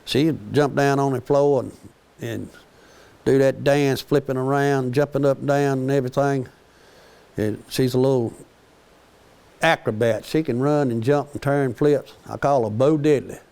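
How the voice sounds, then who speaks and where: Older man, gravelly, folksy rambling storyteller, jokes through his tales. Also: mid-range voice, fairly even intonation, unhurried, a little mellow. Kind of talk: casual storytelling.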